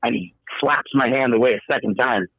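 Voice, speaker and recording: A man's voice: medium pitch, brisk, fairly bright tone, no echo, lo-fi sound. A man, a podcast guest, telling a story in a casual, profane way and acting out the quoted dialogue. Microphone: podcast microphone.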